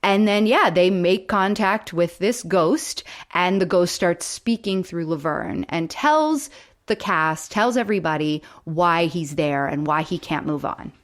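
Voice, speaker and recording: A woman's voice: fairly low pitch, expressive, unhurried. Chatty woman recapping a sitcom. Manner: chatty, storytelling with many fillers. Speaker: podcast co-host. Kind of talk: casual chat recapping a sitcom episode.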